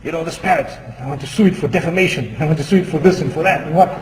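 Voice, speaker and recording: A proud, indignant woman, as a preacher puts her on, fires off quick, huffy demands. The voice is fairly high, and it echoes through a large hall. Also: darkish tone, close to an everyday voice.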